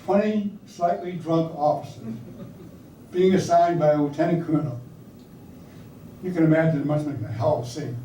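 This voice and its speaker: An older man tells war stories to an audience in a hall or meeting room, sounding far off in an echoey space. His voice is on the high side and mellow, at a moderate pace with frequent pauses and a little hiss or hum; he's anecdotal and conversational, asking the audience questions.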